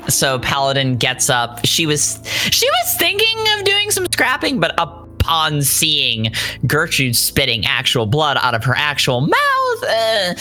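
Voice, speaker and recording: A woman with a very low, lively voice narrates her character's moves in a tabletop game. She pauses often on fillers, with faint music under her. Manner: halting, filler-heavy narration. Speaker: player.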